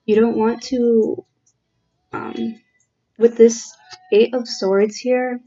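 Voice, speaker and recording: Soft and mellow, a woman's fairly high voice moves little in pitch as she gives an easygoing tarot reading, unhurried and searching, with many "um"s and restarts. She sounds earnest and close to emotion. Faint music plays behind her on a slightly muffled, lo-fi recording.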